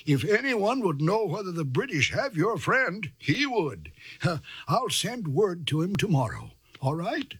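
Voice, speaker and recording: A man acting as a gentle, hospitable older country doctor who talks in a soothing, old-fashioned way in a radio drama. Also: high voice, slightly rough, no echo, full character voice.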